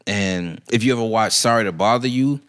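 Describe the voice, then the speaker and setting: A man's voice: on the low side, fairly quick, fairly bright tone. A young man, co-hosting a casual chat, laid-back and laughing often. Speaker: podcast co-host.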